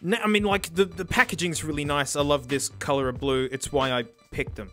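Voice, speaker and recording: A man's voice: on the high side, expressive, moderate pace, pushed and bright, soft background music. A young Australian man hosting a casual, joking product review, with playful sarcasm and stammered restarts. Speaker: host.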